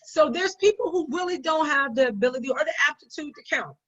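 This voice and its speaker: A woman's voice: sits high, animated, fast talker, a bit bright. A woman business owner giving conversational business advice in an emphatic way, often repeating her points for stress. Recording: dull lo-fi sound.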